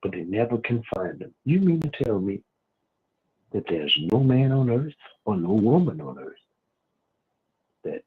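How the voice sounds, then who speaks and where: A man's voice: on the low side, sing-song, unhurried, long pauses, breathy edge. A male guest talking in a rambling, folksy way over a phone line. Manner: rambling, folksy, repeats words. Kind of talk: casual radio talk.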